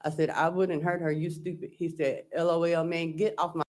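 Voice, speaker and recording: A man's voice: on the high side, flat delivery, brisk. A man testifying as a trial witness, recounting text messages and quoting what was said. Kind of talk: courtroom testimony.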